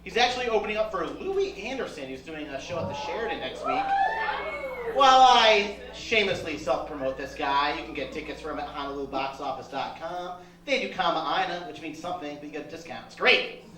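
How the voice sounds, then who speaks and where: A man's voice: on the high side, expressive, brisk. A man emceeing a stand-up comedy show, upbeat and hyping up the crowd between acts. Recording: echoey live room, distant mic, crowd.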